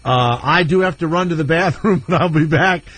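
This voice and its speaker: Man, radio host, husky voice, teasing questions, casual talk, radio broadcast. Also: fairly high pitch, moderate pace, fairly bright tone.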